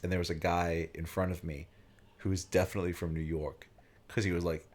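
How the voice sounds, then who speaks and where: A man's voice: low-pitched, flat delivery, fairly quick, a little mellow. A young man from Virginia hosting a let's play, chatting casually and rambling with lots of "like" and "um". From Virginia, USA. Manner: rambling, full of "like" and "um". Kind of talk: casual chat while playing a game.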